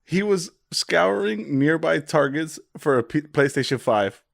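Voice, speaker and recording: A young man with a slightly high voice co-hosts a casual podcast, full of jokes and quick banter. The sound is dry, with no room echo. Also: lively intonation, creaky. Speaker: podcast co-host. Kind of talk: casual chat.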